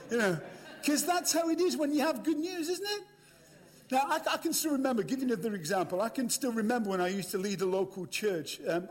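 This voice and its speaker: An older British man preaching a storytelling sermon, chatty and humorous, talking straight to a live audience. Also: very high voice. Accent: British English. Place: large hall with a live audience. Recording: echoey hall.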